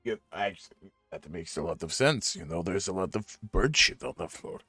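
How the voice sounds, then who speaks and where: Male player, low lively voice, jokey in-character banter; dry mic. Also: normal speed, slightly rough, dry recording, soft background music. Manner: playful, jokey. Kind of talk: in-character banter at a game table.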